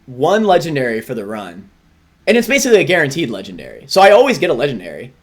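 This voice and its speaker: A man hosting a live gaming stream, relaxed and enthusiastic as he talks with a guest and his chat. His pitch moves about freely over a middle register. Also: fast. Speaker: streamer and host.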